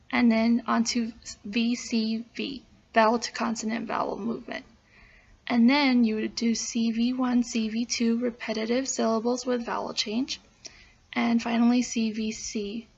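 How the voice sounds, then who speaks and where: A woman's voice: fairly high pitch, creaky, a little mellow, breathy edge. A woman presenting a class talk, reading aloud and steadily listing steps in order, in a dull lo-fi recording. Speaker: student presenter.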